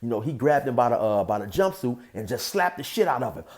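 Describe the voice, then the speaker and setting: A man's voice: medium pitch, very animated, fast talker. A man telling a story casually as a YouTube storyteller, in a laid-back, streetwise way with lots of "you know".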